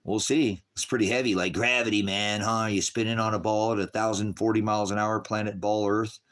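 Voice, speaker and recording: Low-voiced male street-style preacher, rambling, chuckling, sarcastic. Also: flat delivery, a little fast, a bit bright. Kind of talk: casual livestream preaching.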